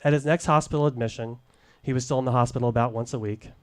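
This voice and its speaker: A middle-aged man, a storyteller and former case manager, recounts a frank personal story on stage at a live showcase. He speaks deliberately and wryly into the microphone, his voice medium in pitch.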